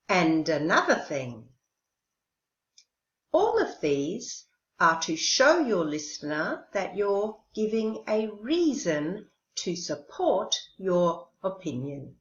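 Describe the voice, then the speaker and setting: A woman teaching an English lesson, speaking slowly and carefully and modelling pronunciation clearly. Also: mid-range voice, sing-song, fairly bright tone. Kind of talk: recorded language lesson. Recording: roomy, dull lo-fi sound.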